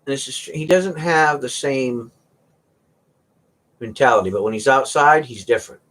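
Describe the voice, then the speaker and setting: A man's voice: mid-range voice, animated, normal speed, fairly bright tone. A man hosting a casual chat, rambling through stories about his cats and sometimes mimicking their meows. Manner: rambling storyteller, imitates cats meowing. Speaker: host.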